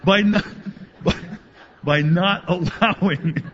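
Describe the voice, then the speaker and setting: A man preaching a sermon to his congregation, reading scripture aloud and adding animated asides. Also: sits high, takes it slowly, muffled recording, slight background noise. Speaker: pastor.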